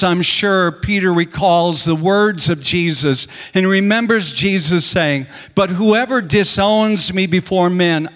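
A man's voice: high voice, a bit bright, big-room sound. A man preaching a sermon, retelling scripture with dramatic storytelling and acting out the quoted lines. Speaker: pastor.

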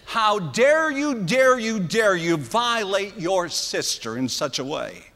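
Man doing an indignant king voice, shouting, repetitive, bright tense tone. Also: high voice, big pitch swings, slow, husky, heavily acted. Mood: furious. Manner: indignant, accusing, repeating himself. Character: furious middle-aged king scolding his grown son. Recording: long hall reverb.

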